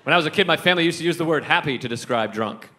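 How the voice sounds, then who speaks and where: A man's voice: fairly high pitch, animated, very fast, sharp tone. A man doing stand-up with a dry, laid-back delivery on a comedy club stage. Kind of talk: stand-up set. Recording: live club set with crowd and noise. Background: audience laughter.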